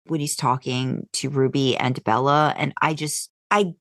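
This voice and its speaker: A woman co-hosting a podcast in a relaxed, chatty way. Her voice sits low, and it is recorded close and dry. She restarts sentences often and fills gaps with ums. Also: unhurried, dry recording. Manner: chatty, animated, lots of fillers and restarts; jumps into high voices when quoting. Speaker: podcast co-host. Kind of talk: casual chat.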